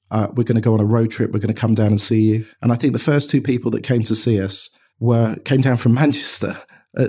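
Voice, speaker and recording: A man with an English accent telling animated stories in a casual interview, with frequent restarts. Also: mid-range voice. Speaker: watch company co-founder, guest.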